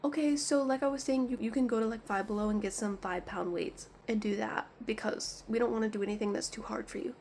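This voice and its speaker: A woman voicing a brisk, unhelpful female doctor who brushes off concerns in a light, lilting tone. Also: a little high, fairly even intonation, a little mellow, slight background noise, close to an everyday voice. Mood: breezy dismissive.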